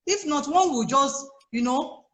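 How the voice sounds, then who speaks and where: A woman with a Nigerian English accent, a life coach giving chatty, animated advice to new mothers on a video call, laughing often. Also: sits high, a little slow, reverberant. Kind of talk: casual advice on a live chat. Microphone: phone or laptop on a video call.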